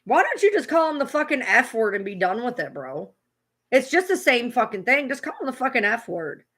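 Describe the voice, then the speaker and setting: A woman's voice: fairly high pitch, big pitch swings, a little fast, a bit bright, husky. A woman streamer ranting at a clip she is reacting to, swearing hard and repeating herself. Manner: heated, swearing, repetitive. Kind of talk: profane livestream rant.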